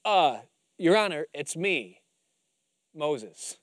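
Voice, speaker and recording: A preacher playing an old lawgiver witness. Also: male voice, fairly high pitch, big pitch swings, very slow, no room sound, studio quality, full character voice. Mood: testifying.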